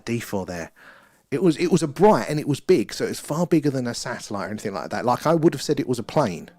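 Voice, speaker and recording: A man hosting a night-time live stream outdoors, rambling excitedly and chatting with viewers. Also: mid-range voice, dry recording. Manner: excitable, rambling, talks to chat viewers by name. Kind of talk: live-stream chat and sky-watch commentary.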